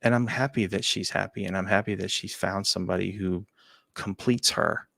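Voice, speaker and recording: A man hosting a talk show, telling a personal story in a halting, emotional way, often dropping to a quiet near-whisper and repeating his words. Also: deep voice, fairly even intonation, gravelly, no echo. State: choked up. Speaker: show host.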